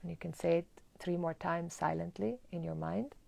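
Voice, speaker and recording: A woman teaching a live online Sanskrit chanting lesson, explaining pronunciation and then chanting words slowly. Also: lowish voice, fairly even intonation, creaky, a little mellow.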